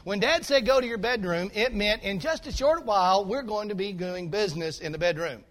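A man with a high voice for a male preacher tells a sermon story from the pulpit. He is folksy and animated, and he keeps drawing the congregation in with asides. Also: fairly quick. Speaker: pastor.

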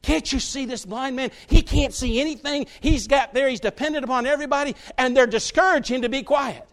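A man preaching a sermon to his church, folksy and direct with the congregation, often building to loud, fervent stretches. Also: very high-pitched, a little fast. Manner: folksy, talks straight to the congregation, builds to shouts.

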